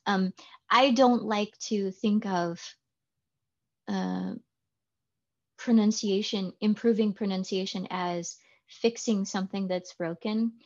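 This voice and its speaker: Casting: Californian woman, pronunciation teacher, chatty explainer, mid pitch, slightly muffled lo-fi sound. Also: fairly even intonation, takes it slowly, pauses often, darkish tone. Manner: chatty, explains with examples and jokes. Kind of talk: casual chat.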